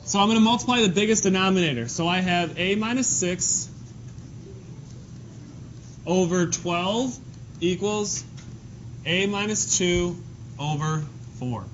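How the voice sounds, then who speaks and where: A male math teacher giving a lively, joking lesson to his class in a classroom. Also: high-pitched, unhurried, pauses often. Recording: dull lo-fi classroom recording with faint noise.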